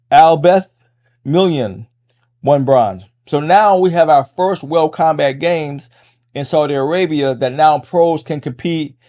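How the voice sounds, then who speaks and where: A middle-aged man with a fairly high, mellow voice talks quickly through a casual podcast monologue. He often restarts his phrases and keeps checking in with a quick "right?". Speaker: podcast host and MMA coach.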